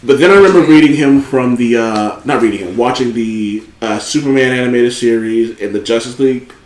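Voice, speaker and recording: Man, podcast host, casual chat, rambling, profanity, animated, middle pitch, echoey room. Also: fairly quick.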